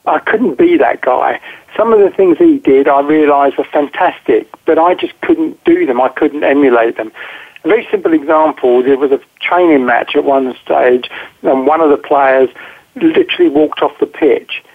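A man's voice: fairly high pitch, moderate pace. A man interviewed as a guest over the phone, talking directly and emphatically and often repeating words as he thinks. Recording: tinny phone line.

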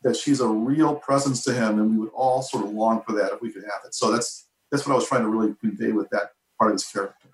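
A man's voice: on the low side, fairly even intonation, quick pace, hardly any pauses. A man, an author guest, reflectively explaining his intentions. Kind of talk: casual interview chat. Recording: roomy, far from the mic.

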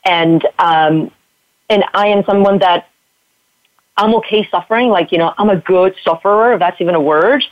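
A woman's voice: lowish voice, moderate pace, no echo, highs cut off. A woman guest and spin instructor, talking bluntly with plenty of swearing about tough love and self-worth. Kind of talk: candid interview conversation.

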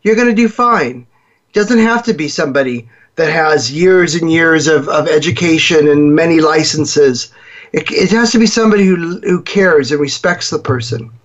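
A man hosting a show, telling a story in a lively way and acting out the voices of the people in it. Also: fairly high pitch, moderate pace, muffled recording. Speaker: host. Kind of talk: storytelling talk.

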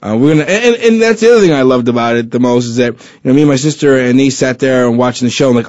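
A man's voice: mid-range voice, quick pace, hardly any pauses, a little mellow, dry recording. A man hosting a casual chat show, rambling with lots of fillers and restarts, joking as he goes. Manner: chatty and joking. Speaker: podcast host. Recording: dull lo-fi recording.

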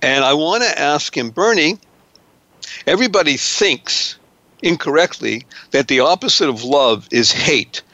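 A man with a high, bright and forceful voice hosts an interview show, gushing with florid praise and stretching out his words. The sound is dry and close, with a dull, lo-fi tone. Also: expressive, measured pace, no room sound. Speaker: talk show host. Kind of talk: upbeat interview hosting.

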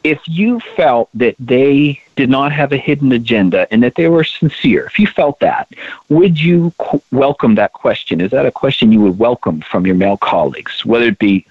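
A man's voice: medium pitch, animated, normal speed, dry recording. Man, interview guest, earnest, emphatic, stumbles over repeated words, thin phone-line sound, dry and close. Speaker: interview guest, co-founder of a women's leadership project. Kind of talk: conversational interview.

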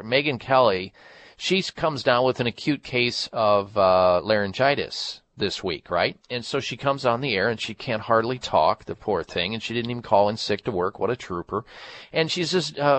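A man's voice: on the low side, fairly bright tone, no echo. A middle-aged man hosting a health call-in radio show, chatty and folksy, often repeating himself and restarting. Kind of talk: casual call-in radio talk.

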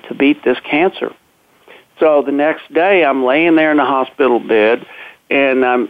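A man telling his personal story in an earnest, plain-spoken way, pausing on "uh" and restarting his sentences often. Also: mid-range voice, dry recording. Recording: dry, narrow phone-like sound.

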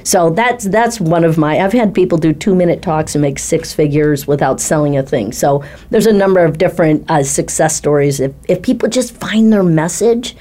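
A woman who coaches speakers and ghostwrites talks, telling a success story in a lively way and acting out the voices she quotes. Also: low-pitched, normal speed, few pauses. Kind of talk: animated storytelling in a panel chat.

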